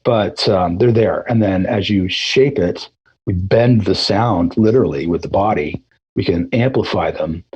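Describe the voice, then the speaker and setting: A middle-aged man, a throat singer, telling his story in a relaxed, rambling way during a casual interview, with many fillers and restarts. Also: sits low, a little hiss or hum, low-quality recording. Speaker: guest musician, throat singer.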